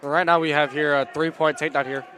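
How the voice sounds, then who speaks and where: A man doing live play-by-play commentary at a school wrestling meet, excitable and rambling, often stopping to apologize. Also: fairly high pitch, fast. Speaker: play-by-play announcer. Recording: loud gym crowd noise. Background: cheering crowd and shouting coach.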